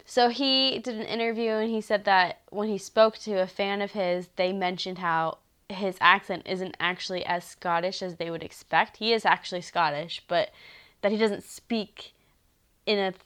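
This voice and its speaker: A woman co-hosting a podcast, talking in a relaxed, conversational way with a playful, teasing edge. Her voice sits at a medium pitch. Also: moderate pace, smooth. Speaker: podcast co-host. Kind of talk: casual chat about a TV show.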